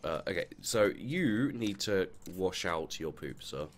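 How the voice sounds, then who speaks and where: A man with a very low voice narrates a survival game in an offhand, conversational way. His pitch jumps around animatedly, swinging between low grumbles and sudden exclamations aimed at the characters on screen. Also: lively intonation, measured pace, slight background noise. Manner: mutters and exclaims to game characters, swears freely. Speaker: let's play gamer. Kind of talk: casual gameplay commentary.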